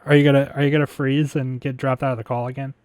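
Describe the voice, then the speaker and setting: A man's voice: medium pitch, flat delivery, quick pace, darkish tone, smooth, no echo. A man co-hosting a podcast over a call, loose and joking, laughing easily. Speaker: podcast co-host. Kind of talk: casual chat over a call. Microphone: remote call mic.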